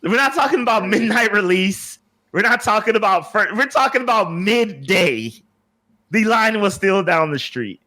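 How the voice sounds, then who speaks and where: Male podcast co-host, rather high and bright, rambling storyteller. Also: animated, normal speed. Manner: rambling storyteller, many fillers and restarts. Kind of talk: casual podcast chat.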